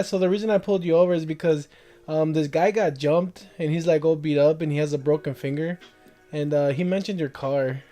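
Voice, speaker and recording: A man's voice: fairly high pitch, mellow. A young man casually telling a long, rambling story to friends, laughing as he goes.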